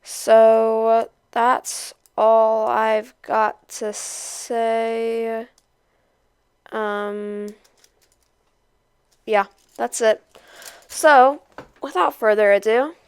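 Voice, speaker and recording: A young woman casually introducing, then reading a novel aloud with expressive character voices. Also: on the high side, very slow, pauses often, clear, resonant tone, no echo. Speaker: read-aloud host.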